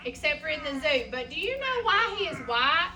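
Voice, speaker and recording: A woman's voice: high-pitched, very animated, normal speed, pushed and bright, far from the mic, poor audio. A woman teacher reading a picture book aloud to a class, asking the children questions in a sing-song way.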